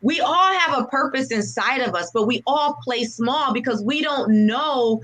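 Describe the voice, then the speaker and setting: A woman's voice: high voice, normal speed, fairly bright tone, poor audio. A woman, a veteran, telling her story of faith and service in an earnest, heartfelt way during an interview. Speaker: guest, veteran and nonprofit founder. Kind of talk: personal testimony in an interview.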